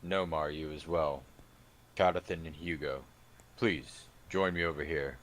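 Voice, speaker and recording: A man playing his character in a tabletop game, calm, measured and commanding. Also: extremely low pitch, a little hiss or hum. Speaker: player. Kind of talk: in-character tabletop role-play.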